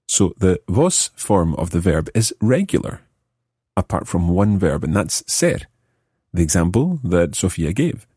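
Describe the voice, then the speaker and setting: Male podcast language teacher, low husky voice, dry close mic, patient explainer. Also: warm tone, no echo. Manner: explains slowly, repeats example phrases.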